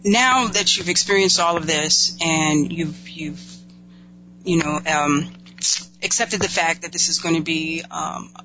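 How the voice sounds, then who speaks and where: A man's voice: on the high side, unhurried. A man hosting an interview, encouraging and a little hesitant as he asks questions. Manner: encouraging, hesitant with fillers and restarts. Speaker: interview host. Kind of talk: interview conversation. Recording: dull lo-fi sound with clear hum.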